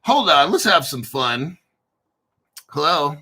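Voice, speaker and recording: A man's voice: fairly high pitch, lively intonation, a little slow, pushed and bright. A man hosting a crypto channel, talking casually off the cuff in a blunt, boastful way full of swearing. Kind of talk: casual unscripted livestream talk.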